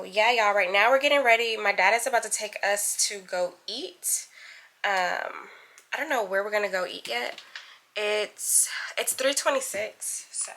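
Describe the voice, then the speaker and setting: A woman's voice: medium pitch, fairly bright tone. A young woman, chatting casually to her viewers in a vlog as she gets ready indoors, calling them y'all and honey. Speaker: vlogger. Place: indoors at home getting ready.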